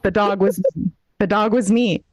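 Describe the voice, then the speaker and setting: A woman's voice: mid-range voice, steady tone, a little slow, no room sound, rough recording. A woman doing a self-deprecating stand-up set over a video call, holding a handheld mic. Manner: self-deprecating, punchy storytelling. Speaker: stand-up comedian. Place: home in a warm city, daytime. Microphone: handheld microphone.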